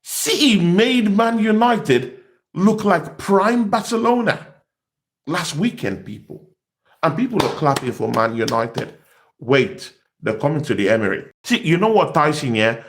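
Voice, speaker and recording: A man giving an animated football fan rant, excitable and taunting, often repeating his words. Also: high voice, measured pace. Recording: echoey room.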